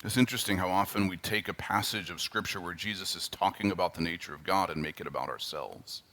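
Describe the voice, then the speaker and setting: This pastor, who has a Canadian accent, speaks fast in a low voice, emphatic and animated with occasional quiet, earnest asides. A little hiss or hum is audible.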